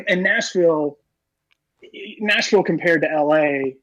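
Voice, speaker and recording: Fast-talking man, rambling podcast chat. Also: fairly high pitch, a bit bright, rough recording. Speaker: podcast co-host. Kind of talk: casual chat.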